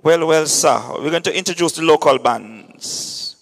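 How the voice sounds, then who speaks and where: A man hosting an event launch and hyping each act with loose, lively local talk. His voice sits a little high and rings with a long hall reverb. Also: unhurried. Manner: lively, keeps saying "understand me". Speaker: event host. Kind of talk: hyping announcements at a media launch.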